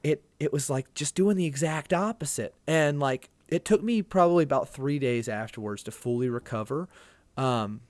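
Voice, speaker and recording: A man's voice: mid-range voice, lively intonation, moderate pace, a little mellow, dry recording. A man telling a long personal story as a podcast guest, earnest and rambling, often restarting his sentences. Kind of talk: casual conversation.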